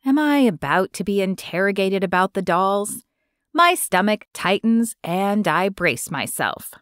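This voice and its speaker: A woman reading a novel aloud in first person, light and steady. Her voice sits mid-pitch, and the sound is dry and close. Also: measured pace, dry recording. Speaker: audiobook narrator.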